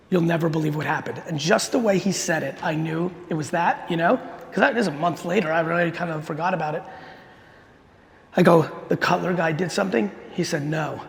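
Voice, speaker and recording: A middle-aged man on a conference stage, his fairly high voice gravelly and rough at the edges. He tells his story in a fast, punchy, profane way, and his words ring out with the long reverb of a large hall. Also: a little hiss or hum. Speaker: keynote speaker. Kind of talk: energetic keynote storytelling.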